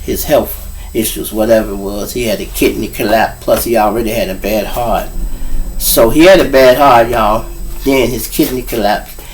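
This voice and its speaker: A man's voice: mid-range voice, fairly even intonation, normal speed, recorded from a distance, a little hiss or hum, poor audio. A man from Chicago with a Chicago accent, hosting a show and telling street stories in a rambling, profane way that keeps turning to the listeners. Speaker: host. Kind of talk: street storytelling monologue.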